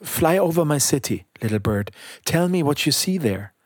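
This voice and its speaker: A man voicing a kind, sorrowful male statue prince who speaks in a gentle, earnest, pleading way. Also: on the high side, animated, normal speed, no echo, studio quality.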